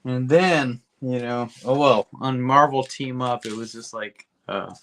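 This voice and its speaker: A man's voice: medium pitch, fairly bright tone. Rambling, swearing man on a podcast. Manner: profane, rambling, acts out characters in quick asides. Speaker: podcast co-host. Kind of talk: casual comic book recap chat.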